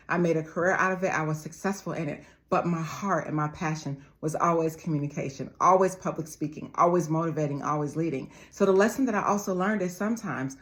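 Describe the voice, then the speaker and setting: A woman in her forties speaks in a low, deep register. She delivers a motivational talk with emphatic repetition and keeps addressing her listeners as family. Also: fast, hardly any pauses. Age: 40s. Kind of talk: motivational monologue.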